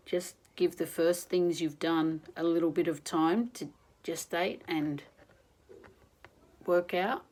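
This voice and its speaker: A woman doing an oracle card reading in a gentle, reflective, encouraging manner. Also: on the low side, rough recording. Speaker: spiritual card reader.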